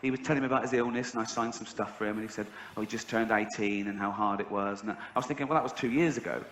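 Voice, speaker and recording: On a large theatre stage, a middle-aged stand-up comedian from England races through deadpan stories, breaking into high shrieks whenever he acts out other people. The roomy hall carries audience noise and laughter.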